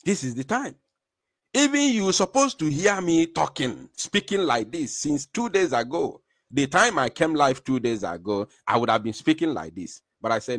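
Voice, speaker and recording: A man's voice: fairly high pitch, sing-song, moderate pace, fairly bright tone, no room sound, studio quality. A Nigerian man giving impassioned live commentary, emphatic and full of rhetorical questions.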